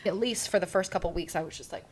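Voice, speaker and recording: A woman hosting a podcast, telling a personal story in a chatty, animated way, full of "like" and acted-out quotes. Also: lowish voice, fast, a little hiss or hum. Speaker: podcast host.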